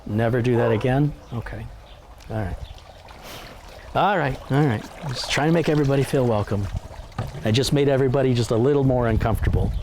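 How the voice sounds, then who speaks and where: A man's voice: mid-range voice, fast, a little mellow, a little hiss or hum. A man hosting a live stream in a casual, chatty way, reading viewer messages aloud and joking at his own expense. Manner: self-deprecating joking.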